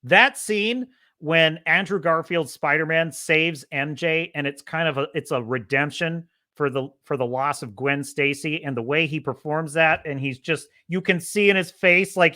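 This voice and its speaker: A man hosting a casual livestream podcast, opinionated and animated, sliding into heated ranting about culture and movies. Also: on the high side. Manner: imitates radio DJ cadence. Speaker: podcast host.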